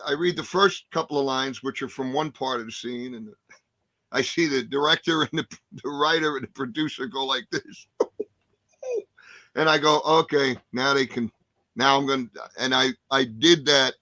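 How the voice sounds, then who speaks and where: A man in his sixties, a guest actor telling animated, profane stories in a casual interview. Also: mid-range voice, normal speed, no echo. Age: 60s. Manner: animated, profane, acts out scenes.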